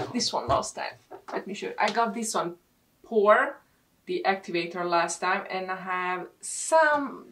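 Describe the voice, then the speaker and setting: A woman vlogger from Sweden chatting casually and excitedly as she unboxes beauty products. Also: lowish voice. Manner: excitable, gushing over products. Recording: distant mic with clear background noise.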